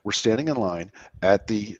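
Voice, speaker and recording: Husky fast-talking man from Philadelphia. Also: on the low side, expressive, a little mellow, no room sound, highs cut off. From Philadelphia area. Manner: rapid, self-deprecating, laughs often. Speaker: guest, business credit expert. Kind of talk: casual interview chat.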